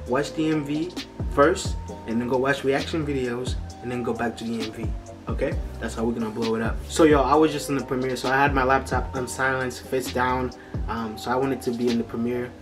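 Hyped young man reacting, music behind. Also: mid-range voice. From United States. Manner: hyped, exclamatory, voice cracking with excitement. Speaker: YouTube reaction host. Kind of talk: excited music video reaction. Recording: music from the video playing loud behind. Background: music video playing.

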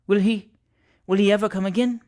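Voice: mid-range voice, fairly even intonation, a little fast, mellow, natural voice. A timid, frightened young English wife from a classic storybook, asking anxious questions, as the reader puts her on. Her voice is hesitant and uneasy. She sounds fearful throughout.

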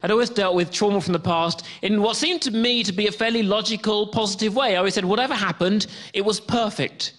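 A man reading his memoir with animated comic timing. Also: sits high, quick pace, hardly any pauses. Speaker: audiobook narrator.

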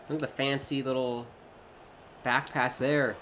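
A man giving casual play-by-play commentary while playing a football video game, excitable and prone to shouting when chances come. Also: mid-range voice, measured pace, long pauses, slight background noise. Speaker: gaming YouTuber.

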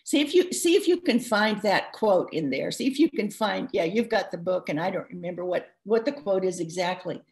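A woman author giving advice in a live interview, talking in a lively, rambling way full of restarts and asides. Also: medium pitch, moderate pace, hardly any pauses. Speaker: author discussing her book.

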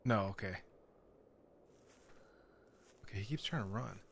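A man's voice: on the low side, a little slow, creaky, slight background noise. A man playing a horror game, nervously commenting, laughing and swearing as he goes. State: scared, on edge. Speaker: gaming channel host.

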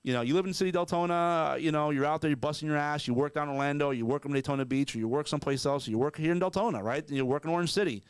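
Fast-talking man ranting on a podcast. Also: fairly high pitch, clean tone, no room sound. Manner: emphatic and profane, acts out mock quotes. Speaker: podcast co-host. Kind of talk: casual ranting commentary.

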